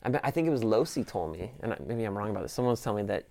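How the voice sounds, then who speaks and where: A middle-aged man hosting a casual chat, relaxed and conversational, with some swearing. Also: fairly low pitch, very fast, creaky. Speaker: host.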